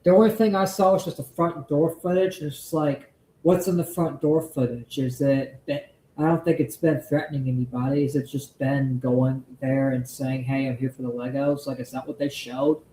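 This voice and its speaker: A man's voice: on the high side, fairly even intonation, normal speed, dark tone, echoey room, a little hiss or hum, low-quality recording. A man hosting a live stream, angrily ranting and swearing as he reacts to a video. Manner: angry, profane ranting. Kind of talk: heated live commentary.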